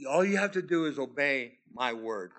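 A middle-aged man preaching a sermon, reading scripture aloud with earnest emphasis and dropping to soft asides. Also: mid-range voice, expressive, normal speed. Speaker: pastor.

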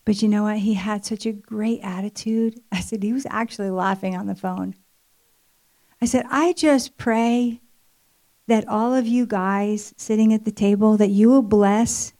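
This middle-aged woman speaks at a church marriage event, delivering her personal testimony as chatty, conversational storytelling packed with fillers. Her voice is mid-range and mellow.

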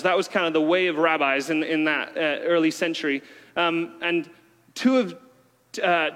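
A man's voice: high voice, a bit bright. A man preaching a casual, conversational sermon with many fillers. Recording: long hall reverb.

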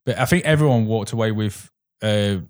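A man's voice: fairly low pitch, brisk, darkish tone. A man chatting casually about films, sharing trivia and laughing often. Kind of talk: casual film chat.

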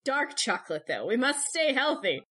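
A woman co-hosting a podcast in casual, joking chat who laughs often and turns brisk when going through history notes. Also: sits high, very animated, pushed and bright, breathy edge. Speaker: podcast co-host.

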